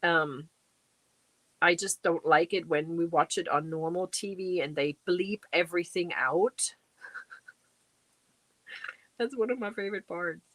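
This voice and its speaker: A woman's voice: lowish voice, measured pace, pauses often, a bit bright, no echo. A middle-aged woman hosting a casual livestream, chatting away and reading out and answering viewer comments. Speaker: livestream host. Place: home crafting space.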